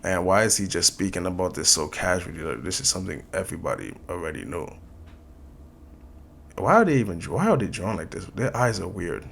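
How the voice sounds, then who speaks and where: Male reaction host, low voice, rapid-fire incredulous questions, casual commentary. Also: very animated, gravelly, fairly bright tone, slight background noise.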